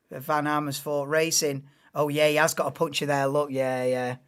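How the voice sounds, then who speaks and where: A man's voice: a little high, little pitch movement, normal speed, a bit bright, clear, resonant tone. A man doing casual live race commentary on a stream, chatting and thinking aloud between calls of the action.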